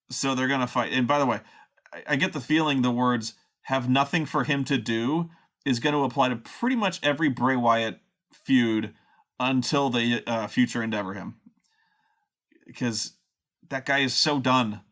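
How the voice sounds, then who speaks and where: A man's voice: mid-range voice, pushed and bright. A man ranting sarcastically about a wrestling show, exasperated and swearing often. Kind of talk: profane ranting commentary.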